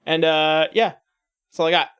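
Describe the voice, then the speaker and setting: A man ranting in a comedic commentary video, crude and sarcastic, with frequent swearing and halting restarts. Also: fairly high pitch, fairly even intonation, a bit bright, clean tone, lo-fi sound. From United States. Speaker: YouTube commentator.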